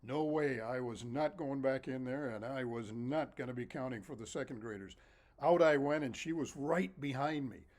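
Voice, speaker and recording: A man telling a story from his own childhood in a casual way, lively and animated, often laughing as he talks. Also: mid-range voice, normal speed. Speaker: storyteller and author.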